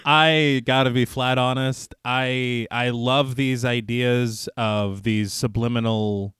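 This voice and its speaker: Male podcast co-host, unhurried, candid critic, clean mid-range voice. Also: medium pitch, steady tone, a bit bright, clear, resonant tone, dry recording, studio quality. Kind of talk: casual film discussion.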